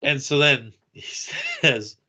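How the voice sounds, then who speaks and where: A man's voice: a little high, slow, breathy edge. A man on a podcast telling a convention story in casual chat, acting out what people said. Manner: animated, acts out quoted lines. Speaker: podcast co-host.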